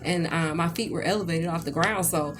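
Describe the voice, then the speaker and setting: Against a noisy background, a tarot reader with a lowish voice talks a little fast, telling a rambling, chatty story. She rants and keeps checking in with "okay?" during the casual reading.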